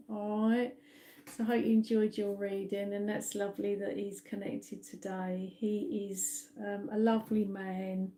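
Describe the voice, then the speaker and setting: A woman's voice: mid-range voice, little pitch movement, slow, dark tone. A middle-aged woman, a psychic medium, giving a reassuring live-stream reading and often checking in with "all right?".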